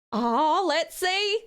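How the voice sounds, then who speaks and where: A woman's voice: very high voice, lively intonation, extremely slow, a bit bright, exaggerated voice. A woman streamer putting on a folksy US Southern accent as a playful persona during live game commentary. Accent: US Southern, put on. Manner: folksy, drawling, affectionate.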